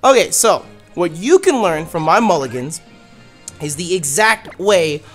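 A man hosting a let's play, giving casual gameplay commentary in an animated, exasperated way and swearing freely. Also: high voice, unhurried, soft background music.

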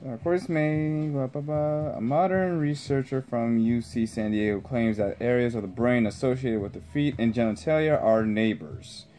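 A man hosting a casual chat with friends, reading out an article haltingly with fillers. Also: medium pitch, mellow, a little hiss or hum, rough recording. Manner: reads aloud haltingly with fillers and skips text. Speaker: podcast host.

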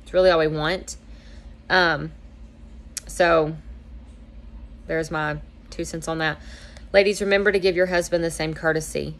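A woman's voice: low voice, steady tone, a little slow, long pauses. A young woman hosting a casual advice talk, chatty and acting out little dialogues in a lighter voice. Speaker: host giving marriage advice.

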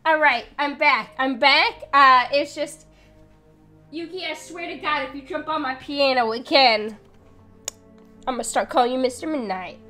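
A young woman streaming a horror game live, chatty and excitable, reading the game text aloud and jumping to loud yelps. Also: high-pitched, moderate pace, faint music behind.

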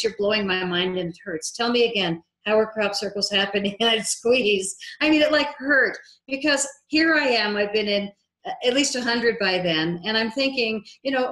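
Animated woman telling a story, echoey room. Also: medium pitch. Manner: lively, acts out quoted dialogue. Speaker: filmmaker guest. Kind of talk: interview storytelling.

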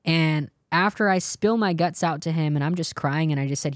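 A woman's voice: deep voice, fairly quick, few pauses, dry recording, clean studio sound. A young adult woman telling a personal testimony in an interview, earnest and acting out the lines of the people in her story. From California. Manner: earnest, tells story with quoted dialogue. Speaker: interview guest.

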